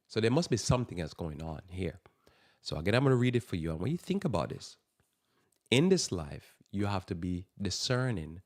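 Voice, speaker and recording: Deep-voiced man preaching on radio. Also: vocal fry, darkish tone. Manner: emphatic, repeats phrases for stress. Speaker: radio talk show host. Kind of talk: preaching Bible talk.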